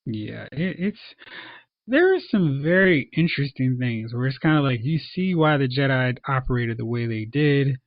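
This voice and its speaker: A man co-hosting a podcast, casually reviewing a show and acting out characters in quick asides. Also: mid-range voice, expressive, dry recording. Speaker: podcast co-host. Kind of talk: casual movie review chat. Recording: dull, dry lo-fi sound.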